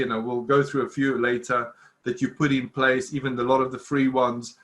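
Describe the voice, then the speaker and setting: A man in his fifties giving a live security talk, earnest and insistent. His voice is bright and forceful, and he circles back over his words with frequent restarts. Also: medium pitch. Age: 50s. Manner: earnest, repetitive, restarts often. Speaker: cybersecurity speaker. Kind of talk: live presentation to an online audience.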